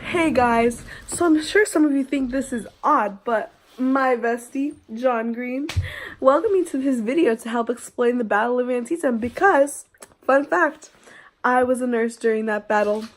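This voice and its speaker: A woman's voice: on the high side, measured pace, lightly acted. A young woman playing a chatty figure who claims to have been a Civil War nurse, in a student video skit. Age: young adult. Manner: chatty, casual vlogger-style.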